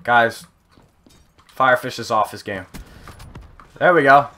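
A young man commenting over his own gameplay, excitable and often yelping and exclaiming. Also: mid-range voice, measured pace. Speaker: gaming channel host.

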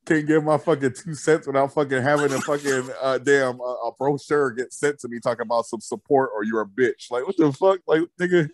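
A man co-hosting a podcast in casual chat, profane and animated, laughing often. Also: mid-range voice, fairly quick, hardly any pauses, no room sound. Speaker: podcast co-host.

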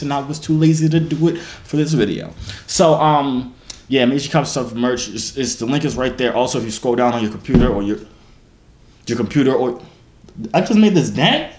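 A man's voice: mid-range voice, roomy sound. A twenty-year-old man from New Jersey, a YouTuber, boasting and joking in slangy casual banter on a phone video chat.

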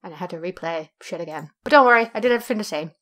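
A woman's voice: fairly low pitch, animated, racing, a bit bright. A young woman giving casual, crude and jokey gameplay commentary as a let's play host, laughing often.

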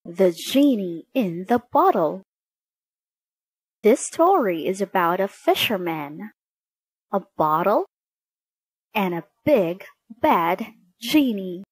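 A woman reading a children's story aloud, very slowly and expressively. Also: mid-range voice, breathy edge, dry recording, low-quality recording. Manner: very slow, expressive. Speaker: storybook narrator.

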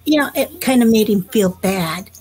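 A woman storyteller telling a folk tale to children in a gentle, unhurried way. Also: medium pitch, lively intonation, slightly rough, low-quality recording.

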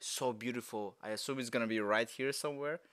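A young man with a medium-pitched, clean voice talks fast while reacting to a movie trailer. His casual commentary is excitable, slangy, and rambling, breaking into shouts and laughs.

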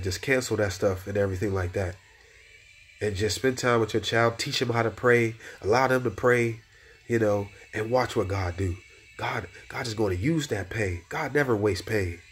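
Man, low husky voice, heartfelt spoken testimony, repeats key phrases like a preacher. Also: moderate pace, soft background music. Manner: preacher-like, repeats phrases, rises in pitch when exhorting. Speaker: Christian encourager giving personal testimony.

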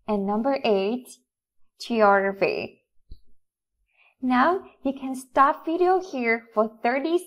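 A Vietnamese-accented woman teaching English to children, her voice sitting a touch high. She talks slowly and deliberately, spelling out each step of the lesson. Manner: slow, deliberate, instructive.

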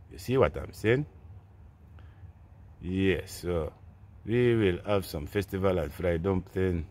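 A man's voice: low-pitched, darkish tone, a little hiss or hum. A man with a Jamaican accent chatting casually into his phone while walking a street at night, rambling and laughing in patois. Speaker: vlogger. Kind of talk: casual walking vlog monologue. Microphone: phone carried while walking.

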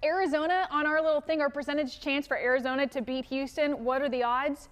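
A woman's voice: sits high, steady tone, quick pace. A woman co-anchoring a morning TV news show, chatting and laughing about football picks. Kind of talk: casual on-air banter. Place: TV news studio.

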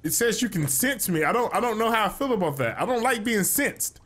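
A man's voice: high-pitched, expressive, a little fast, a bit bright. A young man chatting playfully and jumpily while playing a horror game with a friend. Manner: playful, jokey, easily spooked. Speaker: gaming YouTuber. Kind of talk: casual gameplay chat.

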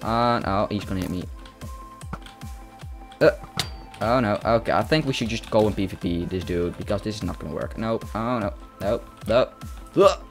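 A European man giving excitable live commentary on a game, talking to opponents and to his viewers. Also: fairly low pitch, normal speed, pauses often. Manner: excitable, talks to opponents and viewers, yelps at kills. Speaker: gaming YouTuber. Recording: music playing under voice.

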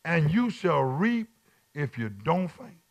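High gravelly-voiced male preacher. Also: sing-song, slow, muffled recording. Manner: call-and-response, repeats phrases, swings from quiet to shouting. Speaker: bishop teaching Bible study. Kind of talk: preaching Bible study.

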